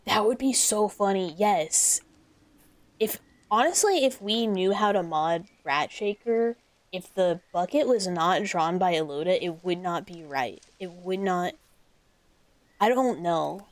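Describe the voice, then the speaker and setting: A woman's voice: on the low side, slow pace, dry recording. A woman streaming a horror game, talking in a casual, rambling way with lots of fillers and the odd swear. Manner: rambling and excitable, swears freely. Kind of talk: casual gameplay commentary.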